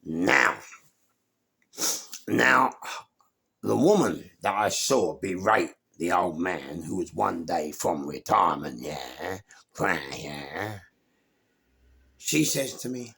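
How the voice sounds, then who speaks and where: A middle-aged man with a London accent spins a story in a husky, gravelly voice. His pitch swings widely as he acts out the other people in it. He swears freely as he goes. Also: expressive, slow, long pauses, bright, forceful tone. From England. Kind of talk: animated storytelling to camera.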